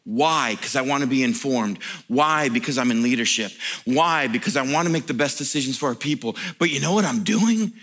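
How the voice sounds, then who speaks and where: A male pastor preaching a sermon in an animated, humorous way, building at times to near-shouts. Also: mid-range voice, brisk.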